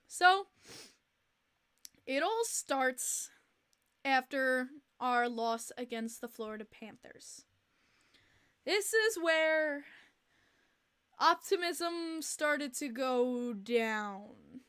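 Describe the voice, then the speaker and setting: A young woman hosting a podcast livestream, chatting casually in an animated, exasperated way and repeating herself, with many fillers. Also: high voice, very slow, pauses often, smooth. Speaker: podcast host.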